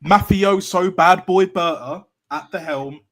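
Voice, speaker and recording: A man joining a fan show over a video call, talking in slangy, sweary, animated banter. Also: sits high, a little slow. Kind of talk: casual banter.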